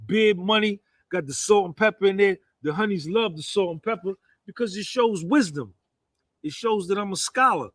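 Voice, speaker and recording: A man's voice: high-pitched, moderate pace, dry recording. A man in his fifties with a New Jersey accent, delivering a boastful, rambling monologue full of "man" and "you understand". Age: 50s.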